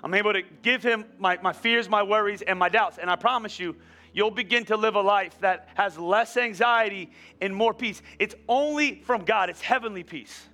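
A male pastor delivering a sermon, telling stories in an animated way with many restarts. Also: high voice, moderate pace.

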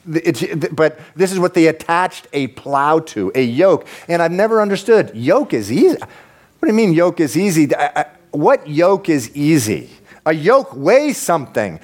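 A man preaching a sermon as pastor, conversational and animated, rising into emphatic peaks. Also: a little high.

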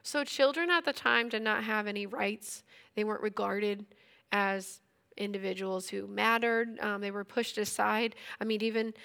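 A woman's voice: mid-range voice, fairly even intonation, moderate pace, vocal fry, bright, forceful tone. A woman in her thirties teaching a Bible passage in a casual, conversational way. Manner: conversational, retells scripture in everyday speech.

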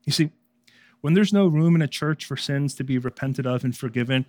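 A man preaching a sermon as pastor, speaking conversationally and moving between raised emphasis and hushed earnestness. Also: mid-range voice, a little fast, dry recording.

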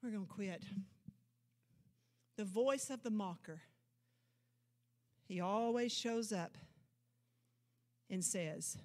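Slow and full of frequent pauses, a woman pastor's church sermon swings between loud proclamations and low, intense asides. She makes emphatic declarations and asks rhetorical questions.

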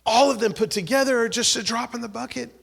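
Bright, gravelly-voiced male preacher. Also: extremely high pitch, quick pace. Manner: swings from loud exhortation to hushed whispered prayer; acts out quoted voices, repeats words and restarts. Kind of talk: sermon.

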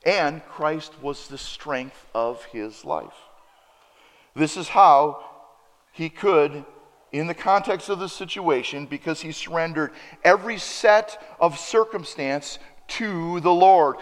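A man preaching a sermon, telling a personal story and acting out both sides of the dialogue with lively emphasis. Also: on the high side, slow. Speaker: pastor. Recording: preacher in a reverberant hall.

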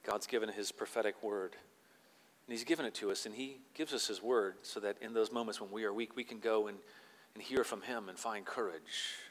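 A man preaching a sermon as pastor, moving between quiet, slow reflection and loud, emphatic scripture reading. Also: lowish voice, long reverb tail.

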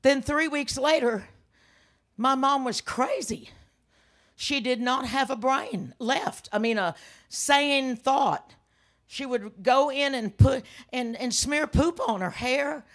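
An older woman minister with a high-pitched voice preaches a sermon built on personal testimony. She tells her stories dramatically and breaks into sudden loud outbursts.

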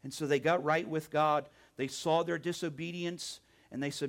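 A male pastor preaching a sermon in church, animated, often calling out "amen?" and "right?". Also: a little high, moderate pace.

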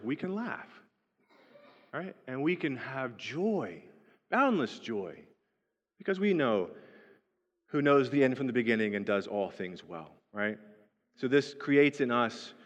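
A male pastor preaching a sermon in a conversational way, often checking in with "right?". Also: medium pitch. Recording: dull lo-fi sound with long hall reverb.

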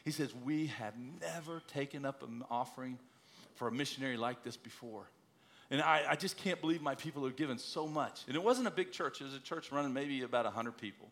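A man's voice: medium pitch, brisk, a bit bright. A middle-aged man, a missionary preacher, telling a personal story in a sermon and urging listeners in an earnest, emphatic way.

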